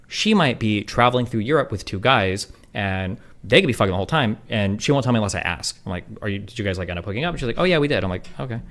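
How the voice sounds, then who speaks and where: A man talking casually on a stream, rambling fast with lots of swearing and fillers. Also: on the low side. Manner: rapid, profane, filler-heavy. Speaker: streamer in clip.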